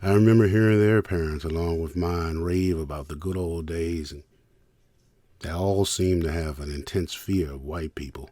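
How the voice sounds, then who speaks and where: An older man from Richmond hosting a storytelling podcast, reminiscing in the first person and thanking listeners warmly. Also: deep voice, dry recording. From Richmond, United States. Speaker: podcast host and producer.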